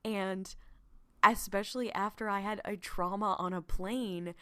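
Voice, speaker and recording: A woman's voice: mid-range voice, a little slow, smooth. A young adult woman co-hosting a podcast, chatting casually about a TV episode and acting out the characters' lines. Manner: animated, acts out characters' lines. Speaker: podcast co-host. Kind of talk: casual recap chat.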